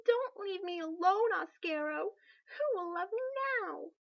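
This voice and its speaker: A woman reading aloud and voicing a hysterical, self-centered young queen who is shrill and demanding. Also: a little slow, vocal fry, muffled recording, exaggerated voice. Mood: frantic wailing.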